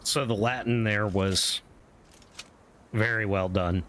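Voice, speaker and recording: A man streaming a horror game, chatting casually and relaxed, with some swearing. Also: fairly low pitch, slow pace, slight background noise. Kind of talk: casual gameplay commentary. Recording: game music underneath.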